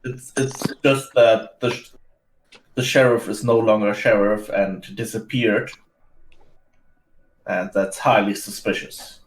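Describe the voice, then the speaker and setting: A man playing in a tabletop role-play, talking in character with hesitant, halting phrasing and frequent restarts. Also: lowish voice, fairly even intonation, a little hiss or hum. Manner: hesitant, many fillers and restarts. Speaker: player. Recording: roomy echo.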